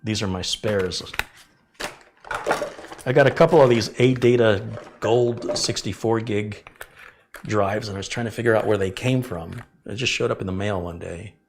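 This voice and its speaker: A man's voice: on the low side, moderate pace, background noise. A man hosting a live tech stream, chatting with viewers, reading out their messages and explaining fixes step by step. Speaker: tech channel host. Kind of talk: live-stream chat, answering viewer questions.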